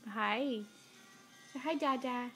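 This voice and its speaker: A young woman with a high, bright pitch talks slowly and patiently, drawing out each word as she coaxes little children to repeat after her. Her prompts are gentle and sing-song, and faint music plays somewhere in the background of this home recording. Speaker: mother filming her toddlers. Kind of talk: home video, coaxing small children.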